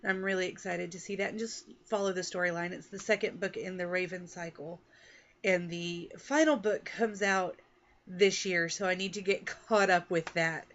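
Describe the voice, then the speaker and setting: A woman's voice: fairly low pitch, normal speed, a bit bright, lo-fi sound. A woman from Texas and Oklahoma, an author chatting casually to the camera about her reading and writing goals in a rambling, self-deprecating way. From Texas and Oklahoma, USA. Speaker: author and book vlogger.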